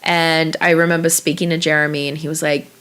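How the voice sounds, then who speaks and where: A woman's voice: deep voice, brisk, clean tone. A young woman from Australia, an actress, telling stories in a casual interview with lots of acted-out quotes. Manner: chatty, animated storytelling with acted-out quotes and laughs.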